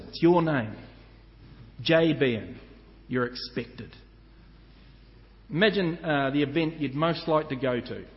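A man preaching a sermon as pastor, earnest and measured, slowing down to stress each point of a list. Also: mid-range voice. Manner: earnest, measured preaching with slow emphatic lists. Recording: muffled church hall with long reverb.

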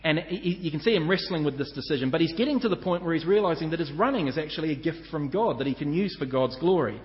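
Male pastor, earnest and measured sermon delivery, muffled sound in a reverberant church hall. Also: on the high side, lively intonation. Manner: earnest, measured preaching with slow emphatic lists.

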